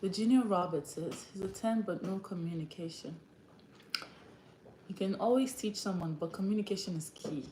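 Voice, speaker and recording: A woman's voice: mid-range voice, normal speed, dark tone, reverberant, a little hiss or hum. Laughing woman with an African accent. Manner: laughs often and acts out quoted voices. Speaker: livestream host. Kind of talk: casual livestream chat.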